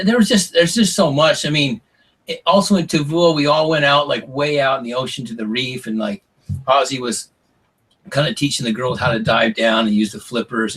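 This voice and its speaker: A middle-aged man guesting on a podcast, telling stories in a lively way, acting out what people said and swearing casually. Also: medium pitch, moderate pace, breathy edge, far from the mic. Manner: animated storyteller, acts out quotes, swears casually. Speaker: podcast guest, former reality show contestant. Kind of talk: casual storytelling interview.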